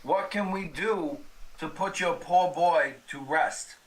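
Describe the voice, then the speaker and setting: A man's voice: fairly high pitch, slow, poor audio. A man playing an earnest, stammering investigator. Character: earnest male paranormal investigator on the phone. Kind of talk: horror tabletop role-play.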